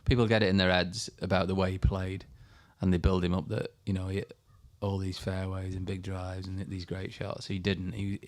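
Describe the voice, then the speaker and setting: Man in his fifties, low voice, animated storyteller guest. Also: normal speed, few pauses. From England. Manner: animated anecdotes, acts out voices. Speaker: golfer guest. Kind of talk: storytelling interview.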